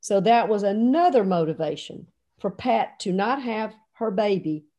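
Animated woman telling a story. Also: mid-range voice, measured pace. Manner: animated, lots of quoted dialogue. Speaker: storyteller recalling a coaching trip. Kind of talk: anecdotal storytelling.

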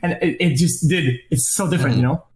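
A man in a casual podcast discussion, talking in an excitable, slangy way and saying "dude" a lot. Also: fairly high pitch, a little fast, echoey room.

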